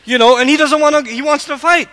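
A man giving an animated religious lecture to a live audience, questioning listeners and acting out quotes. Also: very high-pitched, fast. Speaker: Islamic lecturer. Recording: echoey hall.

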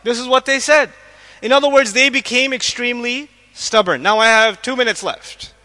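High, bright-voiced male lecturer in a hall. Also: normal speed. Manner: animated, acts out quotes, asks the audience questions. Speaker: Islamic lecturer. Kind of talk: lecture to a live audience. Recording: echoey hall.

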